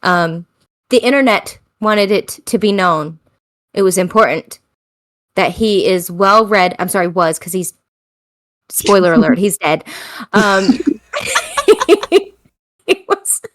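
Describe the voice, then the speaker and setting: A woman's voice: lowish voice, measured pace, long pauses, fairly bright tone. An American woman hosting a podcast in casual chat, tired, chatty and self-mocking, laughing often. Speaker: podcast host.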